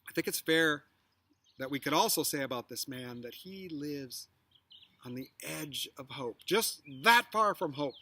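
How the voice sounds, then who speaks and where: A man's voice: mid-range voice, sharp tone. A middle-aged man teaching biblical storytelling, trying out lines with different emphasis. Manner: tries out phrasings with varied emphasis. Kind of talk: storytelling lesson.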